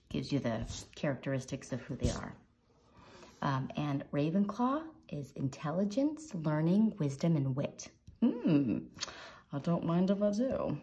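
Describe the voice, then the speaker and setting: Chatty low-voiced woman teaching drawing. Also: big pitch swings, measured pace, a little mellow. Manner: chatty and encouraging, with playful sound effects. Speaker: drawing tutorial host. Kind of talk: casual drawing tutorial narration.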